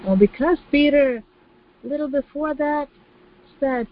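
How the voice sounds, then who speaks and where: A woman's voice: high-pitched, a little slow, long pauses, lo-fi sound. A woman preaching a sermon with emphasis, repeating key phrases and acting out the voices of the people she quotes.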